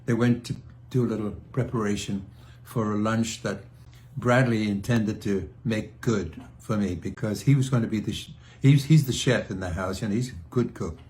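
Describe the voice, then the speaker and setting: An older man with a lowish voice talks in a loose, rambling video-diary style. He stops and restarts his sentences and clears his throat often, telling family stories fondly. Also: moderate pace, darkish tone. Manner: fond, reminiscing storyteller. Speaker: singer sharing a video message. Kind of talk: casual spoken video diary.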